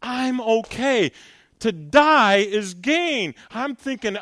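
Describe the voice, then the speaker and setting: An older man preaching with fervour, his fairly high voice leaping up and down in pitch. He shifts from loud calls to hushed storytelling. The recording is dry and close, with little room sound. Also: animated, slow, dry recording. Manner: fervent, swings from loud exhortation to quiet storytelling. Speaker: guest speaker. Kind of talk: sermon with personal testimony.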